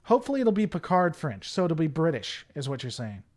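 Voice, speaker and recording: A male livestream host talks casually at his desk mic, rambling between thoughts and answering viewer messages as they come in. His voice sits a little high and swings animatedly up and down. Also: sing-song, fairly quick. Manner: rambling, reads chat aloud and answers it.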